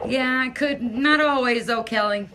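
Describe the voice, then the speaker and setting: A woman hosting a live stream and chatting casually with her viewers. She talks slowly and haltingly, restarting her sentences and trailing off. Her voice is bright and sharp. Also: a little high, slight background noise.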